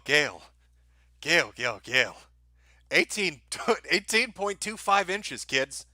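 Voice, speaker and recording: A man's voice: high-pitched, bright, forceful tone, dry recording. A man live-streaming crude, sarcastic commentary over an audiobook, mocking it and laughing often.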